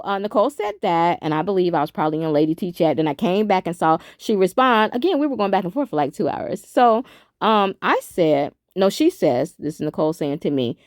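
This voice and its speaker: A woman hosting a casual commentary stream, talking straight to her viewers and reading messages aloud into her phone. Her pitch leaps up and drops back down constantly, and she cusses freely. The sound is close and dry, with no room around it. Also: fairly quick, no echo. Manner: animated, cussing, talks to viewers as y'all. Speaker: commentary channel host.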